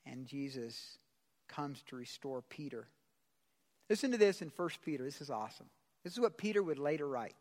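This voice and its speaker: A man's voice: medium pitch, expressive, normal speed, a little mellow. A man pastor preaching a sermon in a church service. He talks casually, uses slang and puts questions to the congregation. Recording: long hall reverb.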